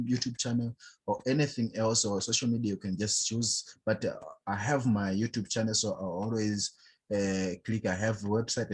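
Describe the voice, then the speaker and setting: Brief: non-native English-speaking man, low husky voice, casual halting screen-tutorial narration. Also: a little mellow. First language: not English. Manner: halting, chatty, addresses viewers as guys. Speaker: online money vlogger. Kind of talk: screen-recording tutorial walkthrough.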